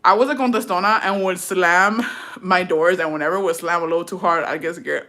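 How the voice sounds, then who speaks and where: A woman's voice: on the low side, steady tone, a little fast, pushed and bright. A young woman streaming, chatting casually and reading comments aloud, profane and sassy, laughing often. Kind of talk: casual live-stream chat.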